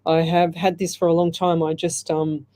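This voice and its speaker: Mellow-voiced woman radio host. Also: lowish voice, little pitch movement, normal speed. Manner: chatty, rambling, many fillers and restarts. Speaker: radio host and psychic medium. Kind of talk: live radio call-in chat. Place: radio studio. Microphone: headset.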